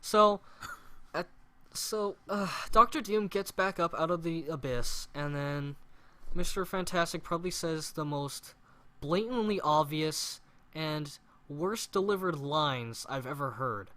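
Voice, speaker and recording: A man's voice: a little high, a little slow, sharp tone, no room sound. A man co-hosting a casual movie review chat, recapping the plot with sarcastic, rambling asides. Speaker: podcast co-host.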